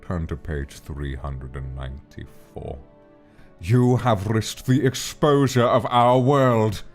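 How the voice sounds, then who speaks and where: Man doing a sneering, drawling schoolmaster, deep and slow. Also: animated, faint music behind. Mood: cold. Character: cold, sneering male schoolmaster.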